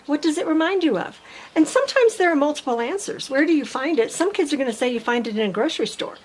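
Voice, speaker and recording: A middle-aged woman speech teacher giving parents a patient step-by-step tutorial, modeling simple sentences slowly. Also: high-pitched, expressive, low-quality recording.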